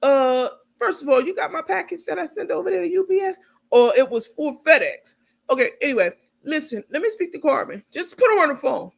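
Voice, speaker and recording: A woman's voice: sits high, expressive, fairly quick, creaky, pitched above the performer's own voice. A woman doing a brash, sassy woman on the phone. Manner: loud, sassy, blunt.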